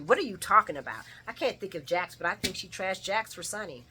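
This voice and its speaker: Bright-voiced heated woman recapping a soap. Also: medium pitch, moderate pace, hardly any pauses, a little hiss or hum. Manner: heated, animated, profane, addresses viewers as y'all. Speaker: soap opera recap vlogger. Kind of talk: casual recap vlog. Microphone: camera mic.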